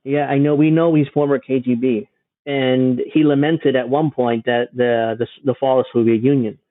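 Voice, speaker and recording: A man's voice: medium pitch, fairly even intonation, moderate pace, dry recording. A man giving casual, sarcastic reaction commentary on a news clip, mocking and swearing freely. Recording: dry, phone-like narrow sound.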